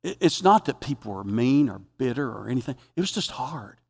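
A man preaching a sermon as a pastor, emphatic and repetitive, swinging from loud exhortation to quiet reflection. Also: medium pitch, big pitch swings, brisk, vocal fry, slightly rough, long reverb tail. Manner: repeats phrases for emphasis.

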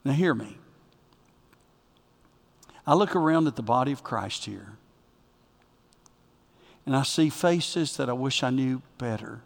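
A man preaching a sermon as pastor, with emphatic delivery that swings from loud bursts to quiet asides. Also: mid-range voice, expressive, unhurried, creaky, pauses often. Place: church sanctuary. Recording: long reverb of a church hall.

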